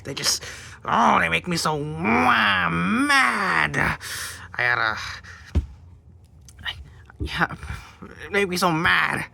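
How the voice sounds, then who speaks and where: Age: unknown. Sex: man voicing a petty plush villain. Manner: blustery, whiny rants. Pitch: raised, swooping. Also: expressive, slow pace, creaky, pauses often, bright, forceful tone, exaggerated voice. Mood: angry. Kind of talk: comedic plush skit.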